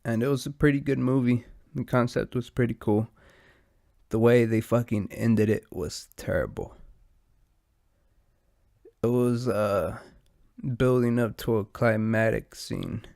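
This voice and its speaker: Podcast host, a man with a stuffy nose and gravelly voice, loose profane rambling, dry close mic. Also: mid-range voice, expressive, measured pace, long pauses, a little mellow, no echo. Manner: profane, meandering, laid-back. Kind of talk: casual rambling monologue.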